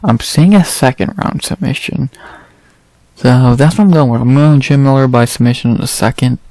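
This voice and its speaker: A man's voice: mid-range voice, moderate pace, warm tone, no echo. A man giving casual fight predictions, thinking aloud in a rambling, blunt way and swearing freely. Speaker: MMA fight predictions host. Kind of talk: casual commentary.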